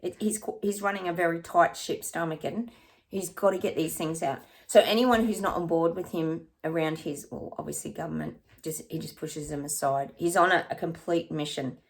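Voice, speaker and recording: A woman's voice: deep voice, normal speed. A woman psychic chatting through her predictions in a rambling, casual way, sometimes dropping to a near-whisper.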